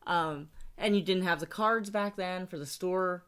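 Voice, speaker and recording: A woman in casual chat with her spouse, animated and playful, laughing often as she talks. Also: lowish voice, unhurried, clean tone.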